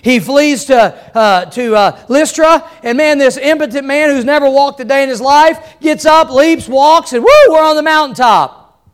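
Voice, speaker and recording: Folksy preacher man, high voice. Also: measured pace, few pauses. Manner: folksy storytelling preacher with wide swings in loudness. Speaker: pastor. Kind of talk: sermon.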